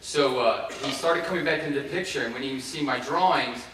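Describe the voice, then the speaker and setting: A man's voice: medium pitch, a bit bright, distant mic. A man in his fifties from Ohio tells his life story as a keynote speaker. He talks loosely, with fillers and restarts. He is heard from some way off in a very echoey hall, with faint noise behind him. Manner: casual and halting, with many fillers and restarts. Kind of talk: personal story told in a keynote speech.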